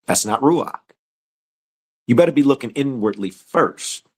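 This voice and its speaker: Male preacher for a scripture study, mid-pitched, conversational teaching that climbs to fervent exhortation. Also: unhurried. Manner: builds from calm conversational teaching to raised, urgent exhortation; acts out inner thoughts as quoted prayers.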